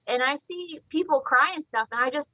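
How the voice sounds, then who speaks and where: A woman's voice: sits high, a little fast, dry recording, dull audio. A woman talking bluntly and with lots of swearing on a casual podcast, telling stories and acting out quotes. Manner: blunt, profane, animated storytelling with acted quotes. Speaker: podcast guest, reptile breeder.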